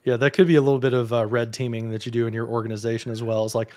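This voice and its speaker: A man's voice: mid-range voice, little pitch movement, racing, mellow. A man co-hosting a casual tech discussion, thinking aloud with hedges and restarts. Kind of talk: casual explanatory chat.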